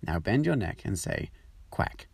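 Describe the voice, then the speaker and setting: A man's voice: lowish voice, sing-song, unhurried, vocal fry, slightly rough, no echo, full character voice. A man voicing a fussy, proud mother duck in a storybook reading, anxious and doting. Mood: instructive.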